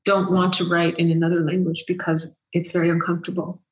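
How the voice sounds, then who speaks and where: Earnest, low-voiced woman, reflective. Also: little pitch movement, fast talker, rough recording. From United States. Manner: earnest, reflective, repeating phrases. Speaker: writer, interview guest. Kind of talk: conversational interview.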